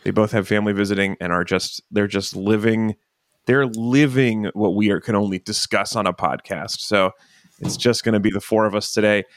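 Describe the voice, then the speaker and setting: A man's voice: lowish voice, steady tone, normal speed, no echo, clean studio sound. A man hosting a casual podcast, joking and rambling with fillers. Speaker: podcast host.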